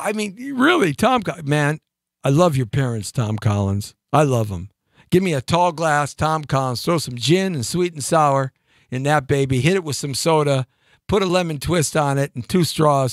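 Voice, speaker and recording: A man's voice: on the high side, a bit bright, no echo, clean studio sound. A middle-aged male host rambling and joking on a live show, laughing at his own gags.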